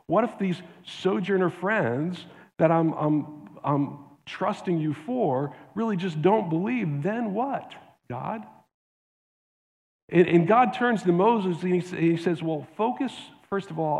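Earnest preacher with a high-ish voice. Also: male voice, a little mellow, in a large hall. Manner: earnest, repeats words when restarting. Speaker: pastor. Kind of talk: sermon.

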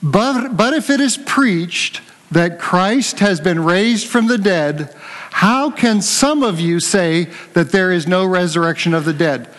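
An older man preaching a conversational sermon, telling a lively story and joking with his congregation. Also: sits high, takes it slowly, big-room sound. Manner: animated storytelling, jokes with the congregation.

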